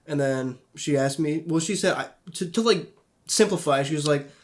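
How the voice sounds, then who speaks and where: A man's voice: a little high, normal speed. A young man co-hosting a casual podcast, telling rambling, profane anecdotes. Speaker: podcast co-host. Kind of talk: casual chat.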